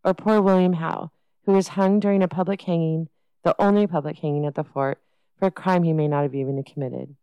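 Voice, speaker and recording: Female podcast host reading her script, smooth, mellow tone, dry studio sound. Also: deep voice, steady tone, fairly quick, no room sound, lo-fi sound. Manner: reads a prepared script.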